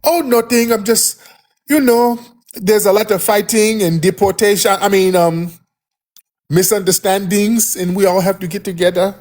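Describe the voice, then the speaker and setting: A man's voice: sits high, steady tone, moderate pace, darkish tone, voice pushed up. A man voicing an overly humble man who fawns and begs for peace, in a meek, wheedling, sing-song way. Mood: fawning.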